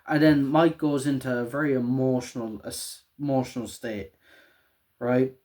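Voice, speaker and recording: A young man, casually recapping a show in a rambling, excitable way with a lot of swearing and laughter. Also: medium pitch, moderate pace.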